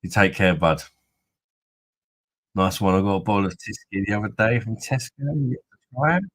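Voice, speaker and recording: A man's voice: on the low side, expressive, moderate pace, fairly bright tone, dry recording, rough recording. A man from Kent, hosting a live stream and bantering with viewers in crude, jokey chatter. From Kent, England. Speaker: host of a beer review live stream. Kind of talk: casual live-stream chat.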